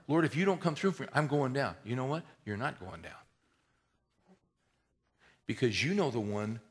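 A man preaching a sermon in a folksy, conversational way, rising to emphatic swells and dropping to hushed prayer. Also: on the high side. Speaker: pastor.

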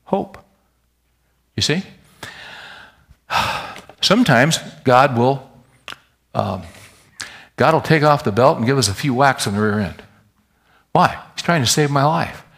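Male pastor, folksy and animated sermon, mid-pitched voice. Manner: folksy, animated preaching with asides to the congregation.

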